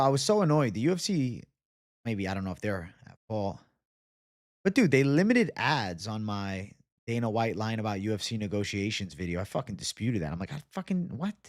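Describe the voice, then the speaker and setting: A man's voice: on the low side, very animated, fairly quick, no echo, studio quality. A young man from Boston hosting a casual live chat. He talks loosely and swears a lot. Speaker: livestream host.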